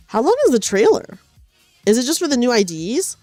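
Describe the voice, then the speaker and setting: A sleepy woman streamer talking casually from her couch. Her pitch bounces around a lot even when she is tired, and she rambles and restarts her sentences. The sound is dry and close, with faint music playing underneath. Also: brisk, no room sound. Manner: rambling, self-correcting, chatty. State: sleepy, low energy. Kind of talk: casual chat while knitting. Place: at home on a couch.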